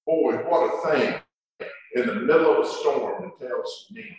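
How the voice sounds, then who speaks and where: A man preaching a sermon, emphatic, stretching words out and pausing for effect. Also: mid-range voice. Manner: emphatic preaching with drawn-out words and dramatic pauses. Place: church sanctuary. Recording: echoey hall from far off.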